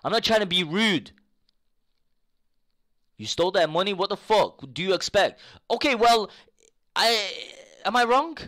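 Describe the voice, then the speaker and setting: Bright-voiced ranting young male streamer. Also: high-pitched, animated, measured pace, long pauses. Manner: swears freely, swings between mutter and outbursts; repeats himself insistently. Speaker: live streamer. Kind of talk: casual rant to chat.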